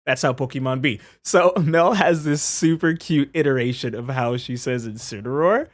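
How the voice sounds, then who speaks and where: A man casually narrating highlights from his game stream, upbeat and chatty, laughing as he explains. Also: moderate pace. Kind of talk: casual commentary over stream clips.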